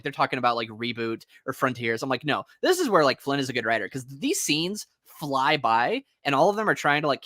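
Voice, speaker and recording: A young man with a bright, lively voice that swoops up and down as he talks comics with his co-host. He jokes, swears and acts out silly quotes, often breaking into high laughter. The recording is close and dry. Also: dry recording. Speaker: podcast co-host discussing comics. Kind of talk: casual chat.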